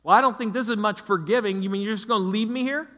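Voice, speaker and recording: A broken, tearful husband pleads over and over, his voice pushed high and strained as he begs not to be left, acted out by a preacher. The sound rings with the long reverb of a church hall. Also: normal speed, fairly bright tone. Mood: guilt-tripping. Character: distraught husband pleading for forgiveness.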